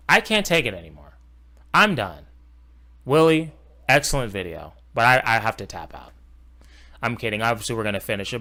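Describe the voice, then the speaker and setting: A man's voice: medium pitch, big pitch swings, normal speed, bright, forceful tone. A young man reacting to a video as a streamer, casual, profane and sarcastic.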